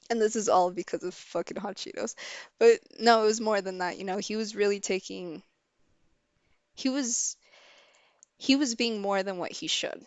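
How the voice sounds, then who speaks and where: A young woman with a gravelly, creaky edge to her mid-pitched voice, recounting a story on a livestream. She talks casually, swears freely and acts out what people said. The sound is dry and close. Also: moderate pace, a little mellow, dry recording.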